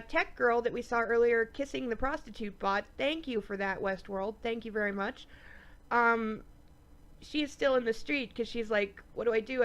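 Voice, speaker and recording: Brief: woman with a fairly high, congested voice, casual TV review vlog, dull home recording. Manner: chatty and animated, many ums. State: stuffy nose, sniffing. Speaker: TV show reviewer.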